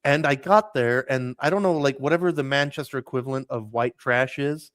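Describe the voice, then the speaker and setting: A man's voice: medium pitch, a little fast, fairly bright tone, dry recording, studio quality. A man on a casual podcast, telling a rambling story with lots of restarts and "like"s. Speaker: podcast host. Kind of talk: casual chat.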